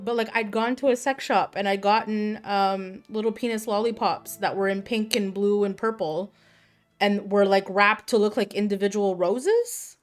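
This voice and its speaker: A woman's voice: mid-range voice, steady tone, normal speed, soft background music. A young adult woman streamer in casual chat, telling crude, candid stories in a rambling way.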